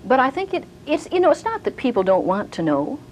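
In a high-pitched, fairly quick voice, an older woman teaches from the Bible, acting out the voices of figures in her sermon stories with animation. Slight background noise mars the low-quality recording.

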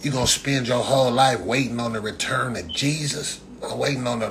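A man's voice: medium pitch, moderate pace, hardly any pauses, fairly bright tone, a little hiss or hum. A man ranting bluntly on a casual livestream, lecturing with rhetorical questions and repeating the same slang address constantly. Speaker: livestream host answering chat.

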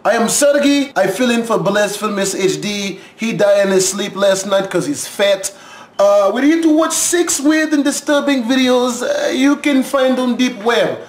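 A man's voice: sits high, animated, a little slow, roomy sound, slight background noise. A man putting on a clumsy mock Russian accent to play a blunt male fill-in host. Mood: mock serious.

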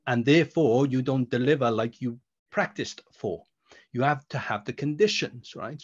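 A low-pitched man tells stories as a speaker coach over a video call. He pauses on purpose before words and wanders off into anecdotes. The audio sounds dull and lo-fi. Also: slightly rough. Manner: deliberate pauses between words; rambling storyteller. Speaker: speaker coach and creative producer. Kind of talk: answering a question in an online talk.

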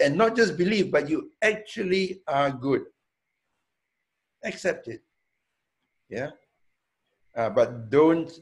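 A man, a hotel owner, answering students' questions in a Q&A, deliberate and emphatic, often checking in with a quick "yeah?" and repeating words for emphasis. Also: a little high. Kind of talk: Q&A talk.

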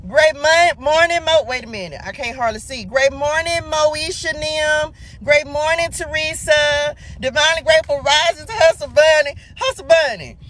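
A high, bright-pitched woman hosting a live spiritual morning message, talking into her phone from inside a car. She is exuberant and chatty, bursting into laughter and calling out viewers by name. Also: moderate pace, few pauses. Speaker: spiritual livestream host. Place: sitting in a car.

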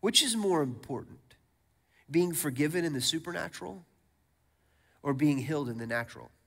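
A man preaching a sermon as pastor, energetic, repeating words and calling out to the congregation. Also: on the high side, moderate pace, vocal fry. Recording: long church hall reverb.

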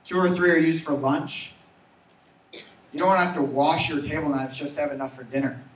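Man, young adult, sales trainer, energetic, higher voice, roomy far-off sound. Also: brisk. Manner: energetic, asks audience to repeat. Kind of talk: motivational sales talk.

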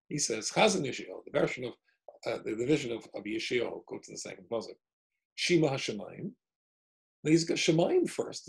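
A man's voice: mid-range voice, creaky, low-quality recording. A man, a rabbi, giving a chatty online Torah lesson over a video call, thinking aloud as he works through the text on a shared screen. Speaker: rabbi teaching a weekly Torah class.

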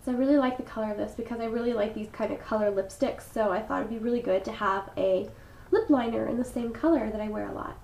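A woman's voice: a little high, fast talker, vocal fry, a little mellow, roomy sound, poor audio. A young woman getting over a cold, sounding stuffy and congested, chatting casually through a makeup haul with frequent ums. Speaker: beauty vlogger.

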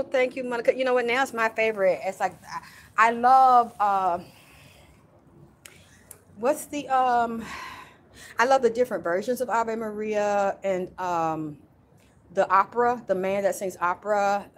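A woman's voice: medium pitch, slight background noise. A woman working as a spiritual medium, channeling in a casual livestream from outdoors in her yard, rambling along with frequent sighs and small laughs.

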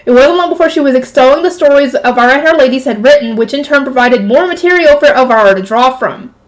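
A woman's voice: high voice, fast talker, poor audio. A woman reading a light novel aloud, breaking off to react with exclamations and groans.

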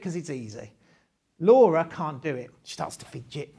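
A man's voice: fairly high pitch, lively intonation, normal speed, creaky, dark tone, breathy edge. A man leading a live training session for teachers, talking conversationally with rhetorical questions and frequent laughs.

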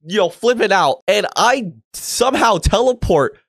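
A young man casually telling a party story to camera, animated and swearing freely, acting out what others said. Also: high voice, moderate pace, vocal fry, dry recording. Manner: animated, acts out quoted voices, swears freely. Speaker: storytime YouTuber.

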